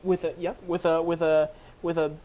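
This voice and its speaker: A game master narrating a tabletop game scene, halting with many fillers and restarts. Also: mid-range voice, flat delivery, warm tone.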